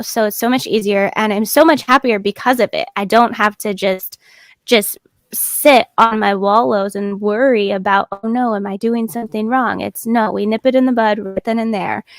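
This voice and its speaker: An earnest young woman speaks as a guest on a live stream, sharing personal experience with frequent fillers. Her voice sits at a middle pitch and sounds dry and close. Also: no echo. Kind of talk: casual live stream chat.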